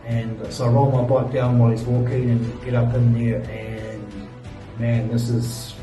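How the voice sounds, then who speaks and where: A man's voice: mid-range voice, monotone, unhurried. A young man, tired after a long ride, telling a rambling travel story with lots of fillers and sighs in a hotel room. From New Zealand. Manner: laid-back, rambling, many fillers and sighs. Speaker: travel vlogger. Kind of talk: casual storytelling to camera. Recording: roomy, distant mic, faint music.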